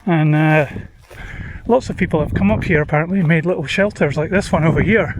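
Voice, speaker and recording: A man narrating his hill walk casually to the camera, relaxed and self-deprecating, pausing often on "uh" while outdoors on an open hillside. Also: fairly high pitch. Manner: chatty, relaxed, self-deprecating, with frequent "uh" pauses. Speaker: hiking vlogger. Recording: outdoor recording with wind noise.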